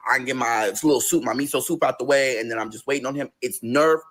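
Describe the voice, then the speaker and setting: A man's voice: medium pitch, fast talker, fairly bright tone. A man telling a personal story in a casual, profane and dramatic way, acting out the dialogue as he goes.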